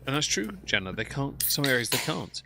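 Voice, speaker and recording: A man's voice: mid-range voice, very animated, a little fast, gravelly, noisy background. A man, commenting bluntly and sarcastically while reading out chat on a live stream.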